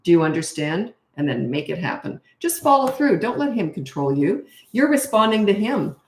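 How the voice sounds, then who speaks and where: A middle-aged woman coaching parents in a casual Q&A, blunt and matter-of-fact, now and then acting out short quotes in a higher voice. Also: big pitch swings, normal speed. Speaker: parenting coach answering viewer questions. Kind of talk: casual live Q&A. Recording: roomy echo.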